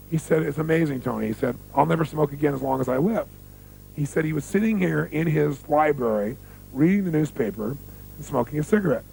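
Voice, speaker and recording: A man telling stories in a motivational seminar, animated and full of rhetorical questions to the audience. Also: medium pitch, creaky, slight background noise, rough recording. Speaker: seminar speaker.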